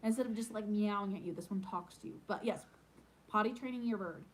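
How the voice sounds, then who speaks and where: A woman chatting casually on her vlog and answering viewer questions. She rambles with frequent ums and turns animated and playful in her stories. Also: medium pitch, brisk, poor audio. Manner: animated and playful when telling pet stories. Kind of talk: casual chat.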